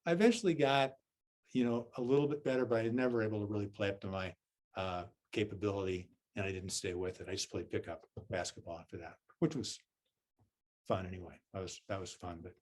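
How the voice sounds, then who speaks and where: A man with a fairly low, darkish voice and steady tone talks quickly, giving a dharma talk as a Zen teacher. His Southern US accent comes through as he recounts a self-deprecating story, punctuated by "right?" and "okay?" to keep listeners with him.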